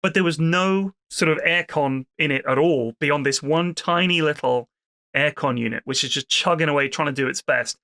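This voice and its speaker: Uk guy on a podcast ranting about his holiday, bright voice, swears a lot, dry close sound. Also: on the high side, moderate pace, no echo. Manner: animated, swears freely, acts out people in anecdotes. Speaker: podcast co-host. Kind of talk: casual storytelling chat.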